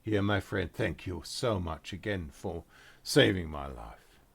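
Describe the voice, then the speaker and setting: A man voicing a flustered, apologetic wounded gentleman who stammers through his words in a tabletop game. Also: low-pitched, animated, unhurried, gravelly, husky, full character voice.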